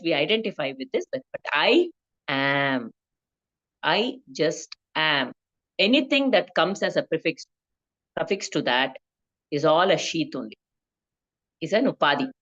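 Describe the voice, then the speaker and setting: A woman's voice: lowish voice, big pitch swings, unhurried, muffled recording. A woman leading a scripture study class over a video call, explaining patiently and tagging her points with "no?". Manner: explanatory, tags questions with "no?". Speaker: study group teacher.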